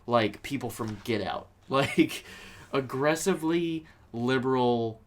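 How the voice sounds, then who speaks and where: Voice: mid-range voice, slow pace. A podcast co-host chatting casually about movies, rambling with many fillers. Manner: rambling, many likes and ums.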